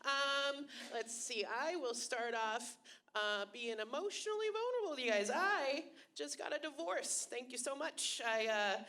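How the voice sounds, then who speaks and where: A woman in her thirties hosting a stand-up show in a small venue, self-deprecating and animated, laughing between jokes. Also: high-pitched, unhurried. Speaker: stand-up comedian and host. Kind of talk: stand-up comedy set. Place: small comedy venue with a few people.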